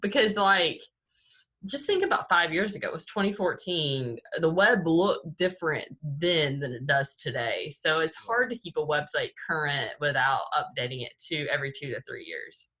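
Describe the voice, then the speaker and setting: A woman's voice: sits low, lively intonation, moderate pace, sharp tone. A young woman co-hosting a podcast in a chatty, casual way, often saying "like". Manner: chatty, peppered with "like". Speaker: podcast co-host.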